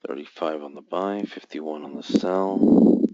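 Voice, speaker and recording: With a dark bass voice at a measured pace, a man running a live forex forecasting room calls out buy and sell volumes and grumbles taunts at the market. There's no room sound; the audio is dull, dry, and lo-fi.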